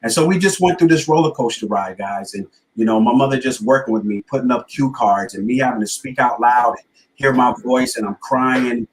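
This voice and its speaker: A man's voice: mid-range voice, a little fast, poor audio. A middle-aged man telling his life story as a guest on a talk show, with an earnest, motivational cadence. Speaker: guest speaker and author.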